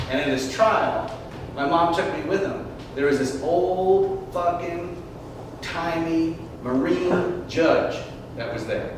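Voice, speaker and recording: A man from Michigan telling profane, animated autobiographical stories on stage. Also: on the high side, recorded from a distance. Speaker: solo performer. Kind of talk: autobiographical stand-up storytelling. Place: live stage show. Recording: echoey live stage from afar, noisy.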